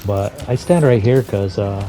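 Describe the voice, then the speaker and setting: Deep dark-voiced man rambling over gameplay. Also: measured pace, slight background noise. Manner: rambling, many "you know" fillers, griping. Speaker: gameplay commentator. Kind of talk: casual game commentary over gameplay.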